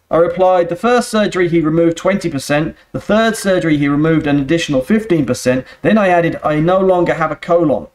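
A man preaching a sermon in a church, earnest and steady, often turning to the congregation with rhetorical questions. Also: sits high, fairly quick, hardly any pauses. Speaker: pastor.

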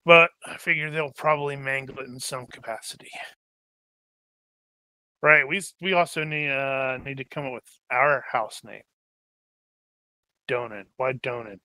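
A man leads a casual planning chat for a tabletop campaign. His voice is bright and edged, recorded dry and close. He rambles, jokes, and loses his train of thought mid-sentence. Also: mid-range voice, measured pace, pauses often, no echo. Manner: rambling, joking, trails off searching for names. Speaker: game master.

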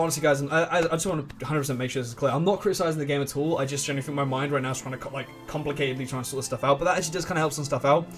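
A man hosts a let's play with casual gameplay commentary, his voice a little high. He rambles excitably, often restarts his sentences and hums along.

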